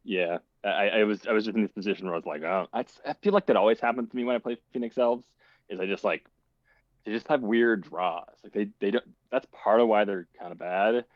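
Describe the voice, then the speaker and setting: Male player, low register, hesitant self-critical post-game talk, dull dry call audio. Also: a little fast, no echo.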